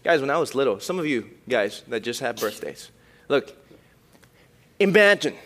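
Animated young man preaching. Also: mid-range voice, moderate pace. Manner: animated, swings from loud emphasis to quiet reflection. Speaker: youth pastor. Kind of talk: sermon.

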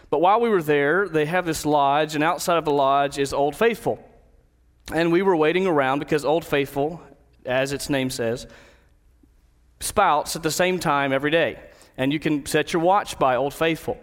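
A man preaching a sermon, telling a personal story and then slowing down to stress key words of a Bible verse. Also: a little high, in a large hall. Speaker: pastor.

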